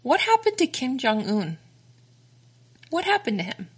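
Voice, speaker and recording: A woman's voice: high-pitched, huge pitch swings, measured pace, breathy edge. A woman co-hosting a podcast, chatting casually with a lot of giggles and filler words. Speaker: podcast co-host.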